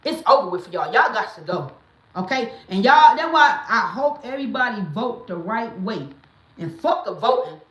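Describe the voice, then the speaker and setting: A woman's voice: a little high, sing-song, normal speed. Blunt, emphatic woman in an echoey room. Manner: blunt and emphatic, swings into loud preaching bursts. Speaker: livestream host. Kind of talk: casual livestream talk.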